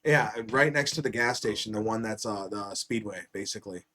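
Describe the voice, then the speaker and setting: This is a man hosting a casual podcast, recounting a story in a slightly low voice. He swears freely and acts out each quoted line with sudden loud bursts. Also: fairly quick. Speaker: podcast host.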